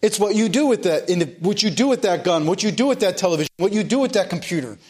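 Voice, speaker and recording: A man's voice: high voice, lively intonation, quick pace, a little mellow, slightly rough. A man preaching a sermon in an earnest, emphatic way, repeating phrases to drive points home. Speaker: pastor.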